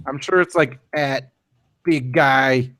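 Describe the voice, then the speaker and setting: A man's voice: medium pitch, slow, a bit bright. A young man co-hosting a podcast in casual chat, loose and profane, full of fillers and restarts. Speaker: podcast co-host.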